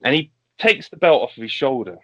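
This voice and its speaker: A man's voice: medium pitch, sing-song, fairly quick. A man on a podcast, animatedly laying out a fantasy wrestling show and acting out the wrestlers' lines. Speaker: podcast guest. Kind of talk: casual podcast chat, fantasy wrestling booking. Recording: lo-fi podcast audio.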